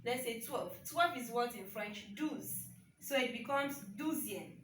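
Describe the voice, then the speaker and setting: Woman, language teacher, slow deliberate pace, far from mic in an echoey room. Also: fairly high pitch, a little hiss or hum. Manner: slow and repetitive, checks in with "okay?". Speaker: French teacher. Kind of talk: online language lesson.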